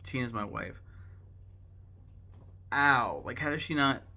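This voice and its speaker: Gravelly, bright-voiced man chatting to camera. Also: mid-range voice, big pitch swings, takes it slowly. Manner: rambling, joking, swears casually. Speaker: vlogger. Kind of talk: casual chat to camera.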